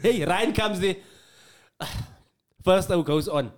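A man's voice: high-pitched, slow. A man who does stand-up comedy, telling gig stories in a casual podcast chat, acting out dialogue and laughing often.

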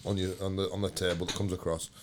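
A man with a low voice tells a blunt, sweary hospital story in relaxed podcast chat. He laughs easily and talks in a plain, down-to-earth way. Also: fast talker, slight background noise.

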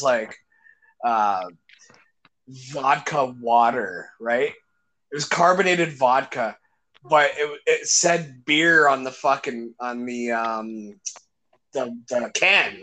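A man's voice: mid-range voice, takes it slowly, pushed and bright. Foul-mouthed man retelling cartoon scenes. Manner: swears constantly, retells comedy scenes. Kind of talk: casual chat.

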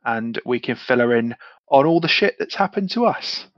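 Chatty player on a dull mic. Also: male voice, medium pitch, lively intonation, normal speed, no echo. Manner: chatty, stumbling restarts, swears. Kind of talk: casual game-table chat.

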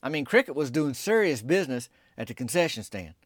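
A man, telling a folksy comic story in a drawling, deadpan small-town voice. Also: medium pitch, brisk, no room sound, studio quality. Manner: drawling Southern-style rural dialect, deadpan storytelling. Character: small-town softball player telling his tale.

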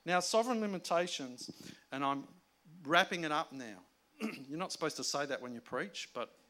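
Male pastor, slightly high voice, conversational sermon style, emphatic then hushed. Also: lively intonation, normal speed.

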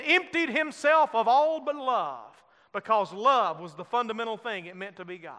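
A male pastor preaching a sermon, swinging from loud emphatic lines to soft hushed ones and putting questions to the congregation. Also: very high voice, clear, resonant tone, big-room sound. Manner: asks the congregation questions and voices their objections.

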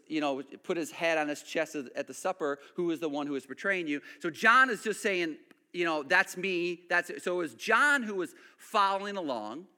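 A man preaching a sermon, animated, then dropping to hushed emphasis. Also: sits high. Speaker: pastor.

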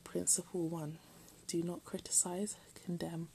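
A woman reading a text aloud in a soft, often half-whispered voice, breaking off for self-mocking jokes. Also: lowish voice, little pitch movement, a little slow, vocal fry, slight background noise, poor audio. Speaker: reader.

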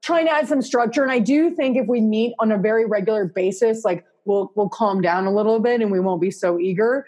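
A woman's voice: mid-range voice, brisk, few pauses, mellow. A woman with a Canadian accent, an interior designer talking casually and at length in an interview, with many fillers. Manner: chatty, rambling, lots of fillers.

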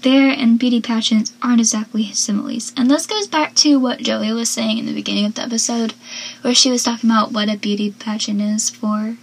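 A young woman talks through a TV episode in a loose, chatty way, leaning on lots of fillers as she goes. Her voice sits a little high and comes out breathy. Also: fairly even intonation, fairly quick, rough recording. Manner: chatty, filler-heavy, reads out quotes. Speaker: recap commentator. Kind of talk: casual chat recapping a TV episode.

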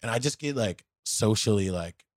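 Young male co-host, lowish voice, dry close mic, blunt profane storyteller. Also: expressive, normal speed, no room sound. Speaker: podcast co-host. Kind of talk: casual chat.

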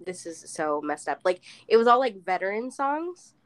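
A woman's voice: medium pitch, very animated, moderate pace. A talkative woman, speaking in an easygoing, conversational way. Her sentences are loose and full of fillers, and she laughs easily between thoughts. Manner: chatty, laughs often, many "like" fillers. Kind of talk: casual chat.

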